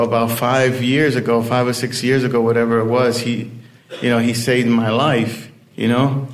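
A man telling a personal story in a casual, rambling way, full of "you know" fillers. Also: medium pitch.

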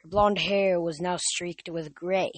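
Young man, podcast reader, casual halting read-aloud, dry voice. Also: high-pitched, steady tone, no room sound. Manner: halting, with restarts and fillers. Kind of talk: casual audiobook reading.

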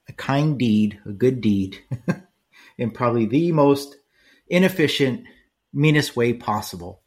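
A man's voice: medium pitch, vocal fry, darkish tone, breathy edge. An older man hosting a solo podcast, talking casually and rambling, often checking in with "right?" and lots of fillers. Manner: conversational, rambling with frequent "right?" tags and fillers. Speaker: podcast host.

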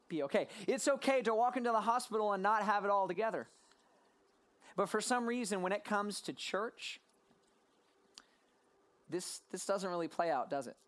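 A pastor preaching a sermon to a live congregation, talking in a sarcastic way with quick asides. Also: medium pitch.

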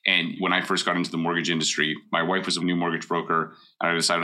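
Middle-aged man, very deep and bright-toned, casual advice talk, emphatic and direct. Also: level tone, fast talker. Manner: blunt, emphatic, repeats key points. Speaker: mortgage broker.

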